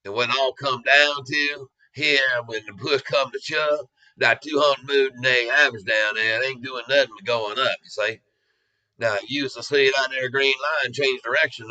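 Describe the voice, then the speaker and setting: A man's voice: mid-range voice, sharp tone, rough recording. A man voicing a joking, country-talking Southern man with a folksy drawl and slangy grammar. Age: older.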